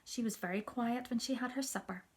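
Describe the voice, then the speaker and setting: A woman, a teacher, reading a children's story aloud in a soft, hushed storytelling manner that often drops near a whisper. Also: a little high, brisk, husky.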